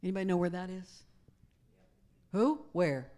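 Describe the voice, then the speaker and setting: A woman minister giving a sermon, talking conversationally and asking the congregation questions, with animated storytelling that drops to hushed emphasis. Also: lowish voice, moderate pace. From United States. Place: church sanctuary.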